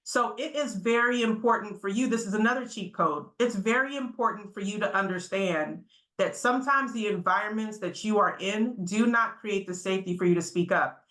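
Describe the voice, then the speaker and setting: Energetic woman speaker quizzing her audience. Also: medium pitch, moderate pace, echoey room, rough recording. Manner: energetic, quizzes the audience, frequent "right?" tags. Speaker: motivational speaker. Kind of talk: interactive conference talk to students.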